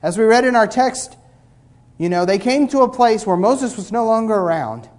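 Emphatic preacher man, somewhat high voice. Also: lively intonation, moderate pace. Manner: emphatic, swings between loud and quiet; mocks complainers with blah-blah asides. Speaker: pastor. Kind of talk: sermon.

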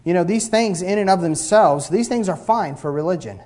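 A male pastor preaching a sermon, emphatic, swinging between loud stresses and quiet asides, with a mocking edge. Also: high voice, animated, moderate pace. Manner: mocks complainers with blah-blah asides.

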